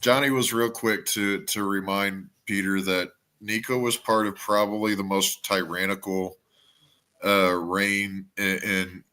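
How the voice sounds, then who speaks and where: A man's voice: fairly low pitch, steady tone, unhurried, sharp tone. A man co-hosting a wrestling podcast, chatting casually, stammering and swearing as he rambles. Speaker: podcast co-host.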